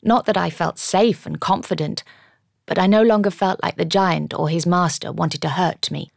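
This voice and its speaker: A woman's voice: fairly low pitch, fairly even intonation, moderate pace, creaky, darkish tone, no room sound, studio quality. A woman narrating an audiobook in the first person, with dramatic storytelling.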